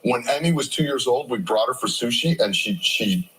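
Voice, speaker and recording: A middle-aged man, a chef guest on a talk show, chatting casually and telling animated stories while cooking. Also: medium pitch, moderate pace, rough recording.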